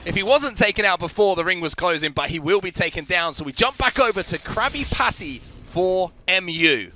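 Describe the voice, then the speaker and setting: A man with a British accent calls an esports match play by play, his voice high and bright. He talks with quick energy that lifts on big plays. A faint hiss sits under the line. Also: animated. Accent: British or Australian English. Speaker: esports caster. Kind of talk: play-by-play commentary.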